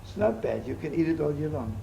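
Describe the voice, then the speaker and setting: An older man, a rabbi, teaching in an animated, chatty sermon full of stories and jokes, using Yiddish and Hebrew terms. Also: fairly high pitch, a little fast, gravelly, slight background noise, low-quality recording.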